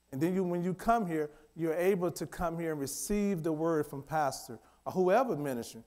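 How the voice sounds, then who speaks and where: A man preaching a sermon, emphatic and repetitive, swinging between loud declarations and quiet asides. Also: fairly high pitch.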